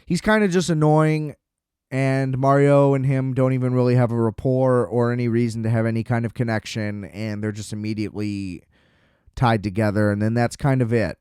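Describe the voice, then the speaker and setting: A man in his twenties hosting a podcast, giving a loose, animated movie review with casual swearing. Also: medium pitch, normal speed, smooth, no echo, clean studio sound. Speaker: podcast host.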